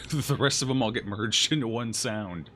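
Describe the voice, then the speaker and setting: A chatty male streamer gives joking let's-play commentary and answers his chat as he plays. His voice sits fairly low but swings animatedly through his range. It has a crisp, bright edge, with faint game music underneath. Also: animated, moderate pace. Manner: chatty and jokey, reacting aloud to chat. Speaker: gaming streamer.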